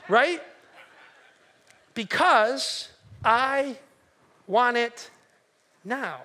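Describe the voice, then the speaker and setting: A man preaching a sermon, telling stories with animated energy and rising to near shouting. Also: very high-pitched, drawn-out words, pauses often. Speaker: pastor.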